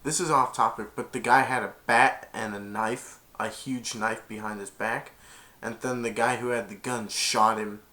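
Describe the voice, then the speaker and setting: A man's voice: medium pitch, steady tone, moderate pace, pushed and bright. A man chiming in on a news story, rambling with fillers and restarts. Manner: rambling, hesitant. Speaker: co-commentator. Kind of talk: reaction commentary.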